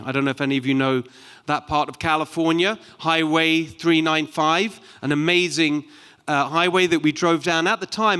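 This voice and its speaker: Middle-aged british guy giving a chatty conference talk, bit high-pitched, lots of ums, long hall reverb. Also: a bit bright, clear, resonant tone. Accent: British English. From United Kingdom. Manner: conversational, anecdotal, with frequent ums. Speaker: keynote speaker. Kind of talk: conference speech.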